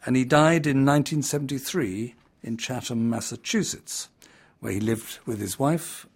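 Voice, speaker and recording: A man's voice: mid-range voice, normal speed, husky. Chatty man giving a talk. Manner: chatty, with fillers. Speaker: presenter. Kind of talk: casual spoken talk.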